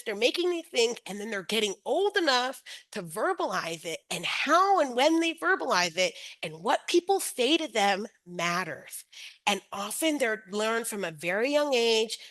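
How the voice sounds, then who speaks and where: A woman's voice: on the high side, a bit bright, low-quality recording. A middle-aged woman presenting an educational webinar as a teacher educator, often checking in with her listeners by asking "right?".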